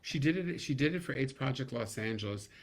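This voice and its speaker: A man's voice: medium pitch, brisk. A man who is a comedian, a guest on a podcast, chatting casually and jumping into comic impressions. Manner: lively, breaks into comic impressions.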